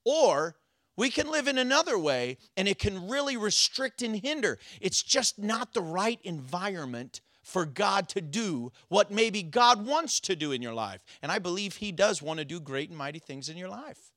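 A male pastor preaching in a loose, chatty way, tossing in jokes to the people in front of him. His voice sits a little high for a man. The sound is close and dry. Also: big pitch swings, normal speed, fairly bright tone, no echo. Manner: casual, joking asides to the congregation. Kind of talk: sermon.

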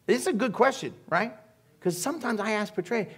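A man preaching a sermon as pastor, animated and joking, asking the congregation questions. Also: sits high, fairly quick, slightly rough.

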